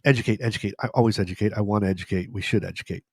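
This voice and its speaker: A man's voice: lowish voice, fairly even intonation, very fast, no room sound, studio quality. A man co-hosting a casual podcast, chatty and rambling, often restarting his sentences. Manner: rambling, with frequent restarts and fillers. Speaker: podcast co-host.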